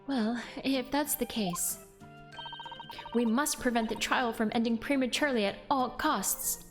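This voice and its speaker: Courteous young lady assistant, read by a woman streamer, soft and formal, a touch high, over game music. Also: measured pace, lightly acted. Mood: gentle. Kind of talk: reading game dialogue aloud.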